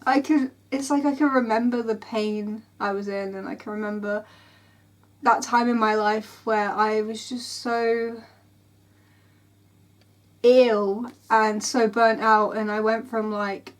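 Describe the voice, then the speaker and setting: Young woman, book vlogger, rambling and emotional, slightly high voice, tired and sore. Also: fairly even intonation, slow pace. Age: 20s. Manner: rambling, emotional, full of "like"s and restarts. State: tired and in pain. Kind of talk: casual vlog chat.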